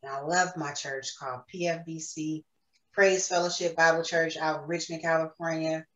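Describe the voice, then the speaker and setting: A woman's voice: sits low, flat delivery, normal speed, a bit bright, muffled recording. A woman giving an earnest, emotional personal faith testimony as a podcast guest. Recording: roomy echo, distant mic.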